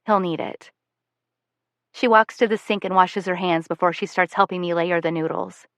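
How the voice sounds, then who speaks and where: A woman giving measured, soft-spoken first-person audiobook narration into a close studio mic. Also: on the low side, steady tone, dry recording.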